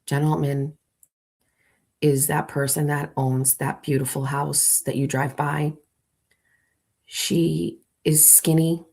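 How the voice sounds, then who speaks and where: A woman's voice: low voice, flat delivery, takes it slowly, gravelly, pauses often, darkish tone, husky. A woman hosting a morning show, playfully walking her audience through an imagined scene in a theatrical storytelling manner. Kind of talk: comic storytelling to a live audience.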